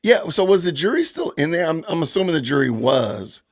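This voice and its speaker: A man hosting a casual live stream, animated and laughing often as he reads viewer comments aloud. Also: a little high, fairly quick. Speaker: podcast host reading live chat.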